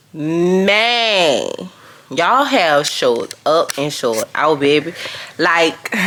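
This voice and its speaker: Gushing woman, bright unhurried voice. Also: fairly low pitch. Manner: gushing, excitable, repeats phrases. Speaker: vlogger. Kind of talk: casual vlog chat.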